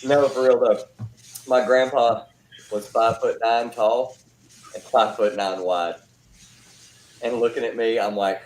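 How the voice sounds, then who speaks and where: A man hosting a casual online hangout, animated and teasing, always close to laughing. His voice sounds roomy and echoey, with a faint hiss behind it. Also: medium pitch, a little slow, pauses often. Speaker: host. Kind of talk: casual chat. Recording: roomy call audio with faint noise.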